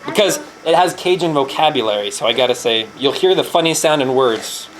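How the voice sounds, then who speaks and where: Young female teacher, low and animated, storytime read-aloud in a classroom, quizzing the kids. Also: brisk, crowd noise, low-quality recording. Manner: lively storyteller quizzing children on vocabulary. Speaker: teacher reading to first graders. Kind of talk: reading a picture book aloud to children.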